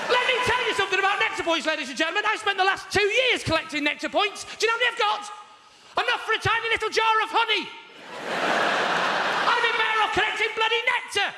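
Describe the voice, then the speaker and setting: Sarcastic comedian in a big hall. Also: male voice, very high voice, animated, fast talker, a crowd in the background, noisy background. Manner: sarcastic storytelling, mock-indignant. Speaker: stand-up comedian. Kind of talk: stand-up routine. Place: large theatre stage. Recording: live theatre, roomy hall.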